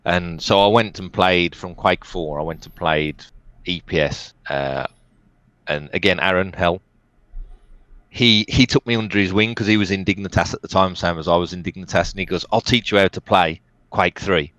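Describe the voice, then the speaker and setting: A man, an esports player, telling lively stories as an interview guest and laughing now and then. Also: deep voice, moderate pace, no room sound. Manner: animated anecdotes, laughs often, quotes others. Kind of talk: casual storytelling.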